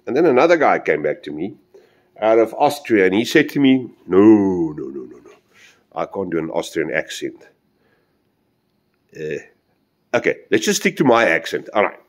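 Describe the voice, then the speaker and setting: A man's voice: fairly low pitch, very animated, normal speed, long pauses. A man chatting casually as he shows off a hobby project, rambling and talking straight to his viewers. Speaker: model railway hobbyist.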